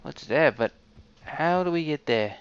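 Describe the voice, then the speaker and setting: A man's voice: on the high side, lively intonation, unhurried, smooth. A man hosting a let's play, giving casual gameplay commentary and muttering to himself as he explores. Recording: dull lo-fi recording.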